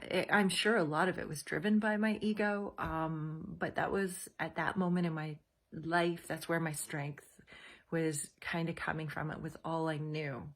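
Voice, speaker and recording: A woman in her forties tells a personal story. Her voice sits low and slightly husky. She talks in a casual, confiding way, full of fillers. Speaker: host.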